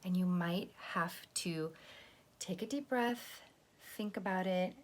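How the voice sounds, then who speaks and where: A young woman teaching young children how to apologize, speaking gently and patiently and explaining each step, now and then acting out sample apologies. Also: fairly low pitch, takes it slowly. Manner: acts out sample apologies to a pretend friend. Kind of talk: lesson for children.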